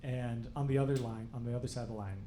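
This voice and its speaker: A young man doing stand-up, telling a story in a dry, wry, deadpan way to a live audience. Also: medium pitch, quick pace. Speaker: stand-up comedian. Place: comedy club stage before a laughing audience. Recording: roomy live club sound, faint crowd noise.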